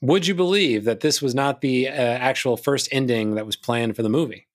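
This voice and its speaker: A man's voice: medium pitch, normal speed. A man hosting a podcast in casual chat, recapping a film with wry asides. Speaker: podcast host.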